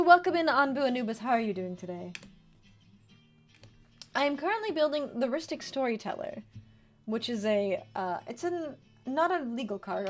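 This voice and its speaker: A woman in her twenties chatting casually on a livestream, reading card text aloud and answering her chat. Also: a little high. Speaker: streamer. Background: faint background music.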